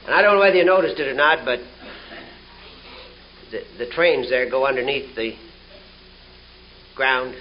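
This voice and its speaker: A man's voice: medium pitch, moderate pace, pauses often. A man speaking at a recovery meeting, telling folksy jokes and laughing along with them, on a dull 1970 tape. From Canada. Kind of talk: humorous storytelling talk.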